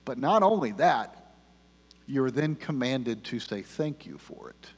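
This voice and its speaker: A male pastor preaching a sermon in church into a microphone, filling his talk with "uh" and moving between loud rallying and hushed prayer. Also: medium pitch, very animated, a little slow, slightly rough. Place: church sanctuary. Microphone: handheld microphone. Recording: long hall reverb.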